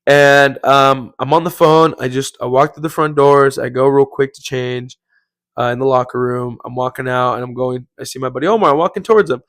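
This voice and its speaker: A man's voice: mid-range voice, fairly even intonation, fairly quick, fairly bright tone, no room sound. A young man hosting a podcast, telling a story casually and rambling, with lots of "like" and "bro". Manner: rambling, heavy use of "like" and "bro". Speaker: podcast host.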